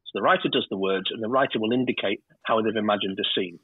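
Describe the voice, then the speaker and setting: Fast-talking man on a tinny line. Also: on the low side, husky, no room sound. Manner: chatty, stumbles and repeats words. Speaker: TV director, podcast guest. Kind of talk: casual interview storytelling. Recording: tinny phone-like remote line.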